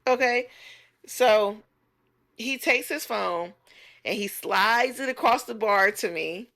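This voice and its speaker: Woman, 30s, bright and forward, a coach telling a blunt, animated story. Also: on the high side, slow, gravelly. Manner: blunt, animated, profanity-laced, mimics others' voices. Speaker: relationship coach vlogger. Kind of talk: casual storytelling rant.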